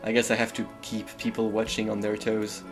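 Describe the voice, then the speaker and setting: French-accented male streamer, lowish voice, musing play-by-play, soft music underneath. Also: monotone, a little fast. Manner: musing, murmuring to himself while deciding. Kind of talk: gameplay commentary, thinking aloud.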